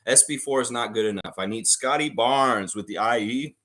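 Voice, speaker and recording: A man's voice: medium pitch, moderate pace, sharp tone. A man hosting a live trivia stream, reading out questions and answering the chat as he goes.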